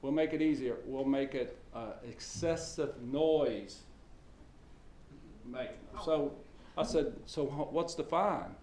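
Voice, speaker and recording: A man's voice: medium pitch, slow pace, a little mellow, a little hiss or hum. A middle-aged man preaching a sermon in a folksy storytelling way, with lots of fillers and restarts, in a church hall. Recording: echoey church hall with faint ambience.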